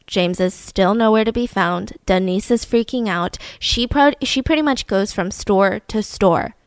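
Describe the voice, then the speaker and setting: A woman hosting a podcast, telling a true-crime story in a casual, animated way, full of "like" and "right?" asides. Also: medium pitch, a little slow, no room sound. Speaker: podcast host.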